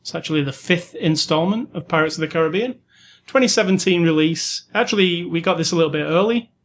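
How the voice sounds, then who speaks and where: Guy cohosting a movie podcast, laid back and jokey, kinda high voice. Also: fast, a little hiss or hum. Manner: easygoing, joking, rambling. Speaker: podcast co-host. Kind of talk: casual movie-review podcast chat.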